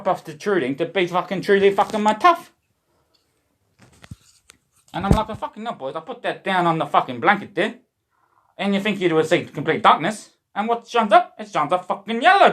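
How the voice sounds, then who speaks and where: This Australian man vlogs straight to camera, cursing constantly and riffing loosely on emotion and love, often shouting out to "boys." He speaks with a fairly high, slightly bright voice.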